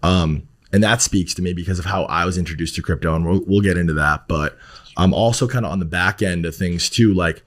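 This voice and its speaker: Low-voiced man reassuring on a podcast. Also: fairly quick. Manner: reassuring, rambling. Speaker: podcast guest. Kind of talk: casual podcast conversation.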